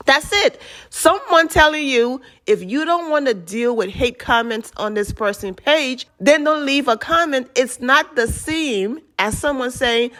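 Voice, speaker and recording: A woman's voice: high voice, animated, unhurried, fairly bright tone. A woman hosting a commentary video, talking in a sassy, rhetorical, lecturing way. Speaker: commentary host. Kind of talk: commentary on a clip.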